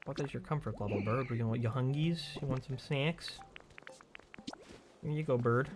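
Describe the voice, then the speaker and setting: A man's voice: mid-range voice, normal speed, noisy background. A man chatting and joking while streaming a video game live. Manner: chatty, jokey, exclaims at the game. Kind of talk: casual live gameplay commentary.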